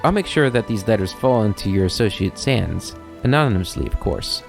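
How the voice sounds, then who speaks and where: A man's voice: on the low side, very animated, a little fast, gravelly, soft background music. A man voicing a sly, talkative male kobold schemer with a wry, rambling, mock-innocent manner.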